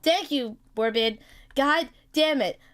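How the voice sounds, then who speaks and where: A woman streaming live in casual chat, excitable and laughing often, with bursts of mock-outraged swearing. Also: high voice, slow pace. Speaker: streamer hosting a chat with creators.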